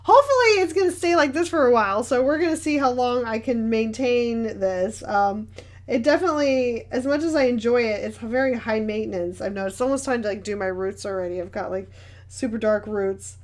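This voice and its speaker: A woman's voice: a little high, a little fast. A young woman artist chatting casually while she paints and answers viewer questions, rambling with many fillers and easy laughs. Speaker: artist hosting a paint-along.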